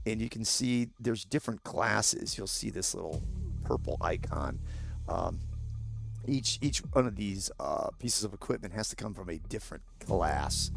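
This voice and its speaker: A man with a sore throat and a gravelly voice, walking through a video game casually and bluntly, explaining each step. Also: fairly low pitch. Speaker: gaming YouTuber. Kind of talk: casual gameplay walkthrough.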